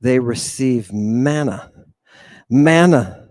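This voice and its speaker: A medium-pitched male host speaks extremely slowly in a dry recording, lecturing on scripture like an animated preacher. He sighs frequently and slips in sarcastic remarks, forever asking "right?" and calling his listeners "people."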